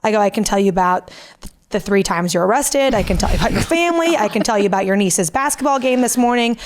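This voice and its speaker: A woman's voice: medium pitch, fast talker, slight background noise. A woman in her thirties, co-hosting a podcast, telling a story in casual chat and acting out what people said. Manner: animated storytelling, acting out quotes. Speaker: podcast co-host.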